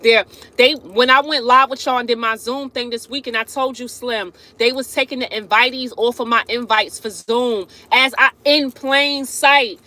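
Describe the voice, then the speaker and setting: Bright high-voiced woman chatting to viewers. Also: fairly even intonation, normal speed. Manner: chatty, laughs often, keeps addressing viewers directly. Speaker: live-stream host. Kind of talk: casual live-stream talk to viewers.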